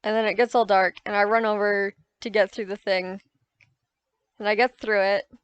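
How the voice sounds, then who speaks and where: A woman's voice: mid-range voice, little pitch movement, moderate pace, clear, resonant tone, no echo, dull audio. A woman giving casual, rambling voice-over commentary on her own gameplay, often correcting herself as she recounts her frustrations. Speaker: gaming YouTuber.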